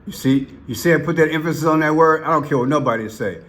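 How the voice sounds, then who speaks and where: A man hosting commentary over played clips, talking slowly and deliberately and hammering single words by repeating them. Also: fairly high pitch, fairly bright tone. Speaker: commentary channel host.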